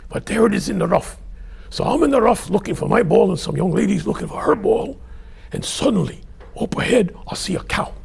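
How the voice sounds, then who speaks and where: An older man voicing a Scottish man telling a golf joke, in a husky, gravelly Scottish accent. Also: high-pitched, animated, fairly quick, voice pushed up, exaggerated voice. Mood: comic.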